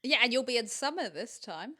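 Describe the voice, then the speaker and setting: A woman's voice: fairly high pitch, lively intonation, brisk, sharp tone. A woman with a British accent co-hosting a podcast in playful, teasing casual chat, laughing a lot. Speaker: podcast co-host.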